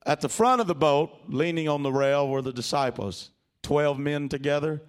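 A man's voice: fairly high pitch, moderate pace, clear, resonant tone. A male preacher delivering a dramatic storytelling sermon, asking the congregation to repeat phrases. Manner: dramatic, animated, calls for congregation responses.

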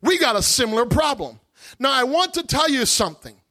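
A man giving a testimony in a sermon, an animated, dramatic storyteller. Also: very high voice, a little fast. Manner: animated, dramatic storyteller who acts out voices. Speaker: guest speaker giving testimony.

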